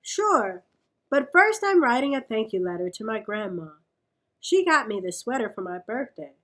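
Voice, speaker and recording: A woman reading a storybook aloud, voicing a calm, easygoing young pig in an even, unhurried way. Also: on the high side.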